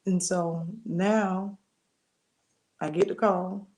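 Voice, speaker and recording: A middle-aged woman, telling a personal testimony as an interview guest, expressive and acting out the voices she quotes. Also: on the low side, very slow. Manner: expressive storytelling, acts out quoted voices, churchy endearments.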